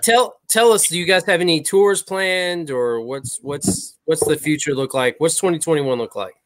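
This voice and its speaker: A man's voice: a little high, moderate pace, a bit bright. Easygoing podcast host, man. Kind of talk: casual interview chat.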